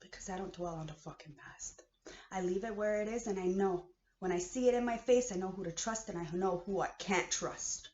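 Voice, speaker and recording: A woman from Canada in a heated, profane personal rant, swinging between low muttering and shouting. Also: a little fast, a little hiss or hum. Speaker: vlogger. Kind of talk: emotional personal rant to camera. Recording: echoey room, dull lo-fi sound.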